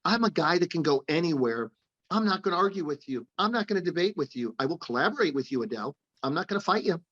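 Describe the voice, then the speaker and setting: A man's voice: fairly high pitch, big pitch swings, fast talker, a bit bright. A man guest telling stories in an interview, emphatic and repetitive, over a remote call. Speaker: doctor, podcast host, guest. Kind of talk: storytelling interview. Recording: dull lo-fi audio.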